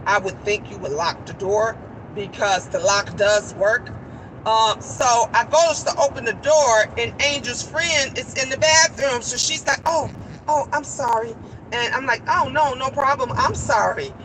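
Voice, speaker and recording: A woman's voice: fairly high pitch, noisy background. A middle-aged woman hosting a live stream, telling a story in a casual, emphatic, blunt way and swearing freely.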